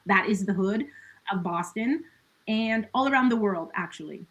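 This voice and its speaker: A woman's voice: medium pitch, expressive, moderate pace, lo-fi sound. A woman talking as a podcast guest in a casual conversation. She is earnest and reflective, with many "like" and "you know" fillers and laughs between her thoughts.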